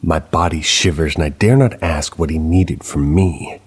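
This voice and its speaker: A man calmly narrating a true paranormal story in a steady storytelling manner. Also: rumbling low, moderate pace, slightly rough. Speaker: narrator of submitted paranormal stories.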